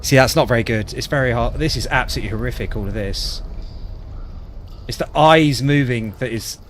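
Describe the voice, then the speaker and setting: A man's voice: medium pitch, fairly quick, slight background noise. A man from Wales chatting as a gaming streamer, reacting with disgust and cracking self-deprecating jokes. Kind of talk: casual gaming commentary.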